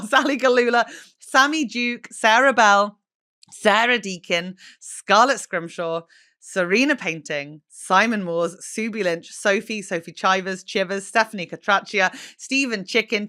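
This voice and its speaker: Bright-voiced woman podcast host. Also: medium pitch. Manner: chatty, swears freely, laughs at herself. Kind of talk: casual chat.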